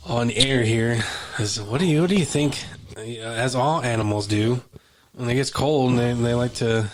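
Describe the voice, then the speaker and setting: A man's voice: medium pitch, moderate pace, slight background noise. A man with a Texan accent co-hosting a podcast, chatting casually and easygoing with playful jokes. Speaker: podcast co-host. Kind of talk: casual chat.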